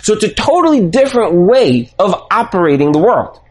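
A man's voice: high voice, fairly quick. A man giving a Torah lesson on the weekly portion, telling the story animatedly and thinking aloud with restarts. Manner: animated storytelling, acts out dialogue. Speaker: Torah teacher.

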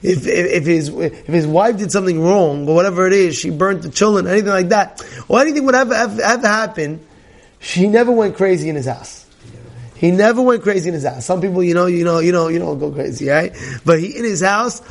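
A male rabbi giving a Torah class, telling animated stories, often laughing and repeating himself. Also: fairly high pitch. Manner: animated storytelling, many repetitions; laughs often while talking.

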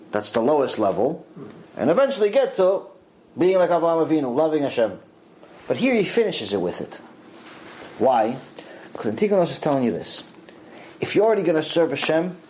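Animated man teaching a Torah lesson. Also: on the high side, slight background noise, rough recording. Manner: animated, acts out God's voice in quotes, repeats phrases for emphasis. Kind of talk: lively religious lecture.

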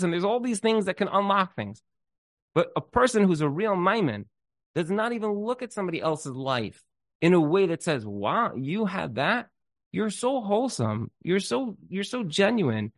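A man's voice: on the high side, dry recording. Dry, close-miked man telling a story. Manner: animated storyteller, restarts and repeats words. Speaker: speaker giving a Jewish inspirational talk. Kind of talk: inspirational talk with storytelling.

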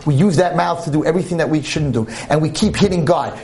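A man giving a sermon to an audience in a room, animated and humorous as he tells a story. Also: a little high, quick pace, few pauses. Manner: animated and humorous, with shifts in volume.

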